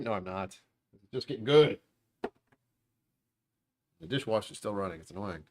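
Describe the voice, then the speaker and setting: A man with a fairly low voice talks into a desk mic at home, hosting a loose, meandering livestream. He drifts between topics with a dry, sarcastic streak and pokes fun at himself. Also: lively intonation, moderate pace, a little hiss or hum. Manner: sarcastic, meandering, self-deprecating. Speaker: livestream host. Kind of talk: rambling casual livestream chat. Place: at home, dishwasher running nearby.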